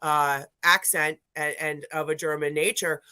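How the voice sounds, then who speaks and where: A paranormal investigator chatting casually on a live stream, telling a rambling story full of restarts and self-corrections, and growing animated when retelling dialogue. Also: mid-range voice, a little slow, clear, resonant tone, dry recording.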